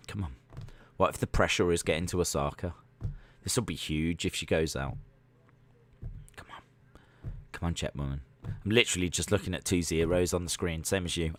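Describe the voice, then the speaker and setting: A man's voice: deep voice, bright, forceful tone. A man hosting a live stream watch-along, commenting casually on sport while reading out chat in a jokey, rambling way with many fillers.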